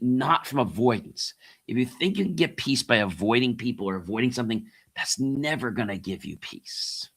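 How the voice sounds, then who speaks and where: Motivational host, middle-aged man, forceful bright voice, calls the audience "guys.". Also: medium pitch. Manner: repeats key phrases, asks rhetorical questions; addresses listeners as guys. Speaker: podcast host and coach. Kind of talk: motivational monologue.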